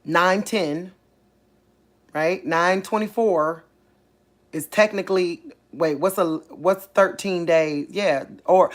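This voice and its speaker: A woman, hosting a casual faith channel, talking excitedly and thinking aloud, repeating herself as she works things out. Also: fairly low pitch, slow pace. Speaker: online faith channel host. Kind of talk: casual livestream talk.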